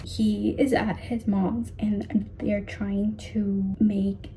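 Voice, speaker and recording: A young woman chatting casually in a reading vlog, gushing as a fan and often dropping to a hushed, whispery voice. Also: medium pitch, little pitch movement, very slow, slight background noise, low-quality recording. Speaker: book vlogger.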